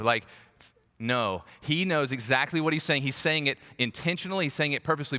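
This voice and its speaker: A man preaching a conversational, animated sermon as a pastor, acting out quoted voices. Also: mid-range voice, a little fast. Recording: long hall reverb.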